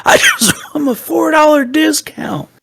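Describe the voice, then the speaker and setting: A man's voice: extremely high pitch, measured pace, vocal fry, noisy background, voice pushed up, full character voice. A man voicing a whining male customer who insists on getting his discount.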